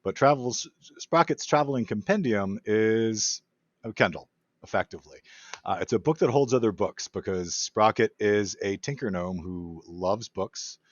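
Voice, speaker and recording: A man's voice: fairly low pitch, expressive, normal speed, dry recording, muffled recording. A man eagerly explaining a game item he designed in a casual podcast chat, with plenty of filler words. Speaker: podcast guest, adventure designer.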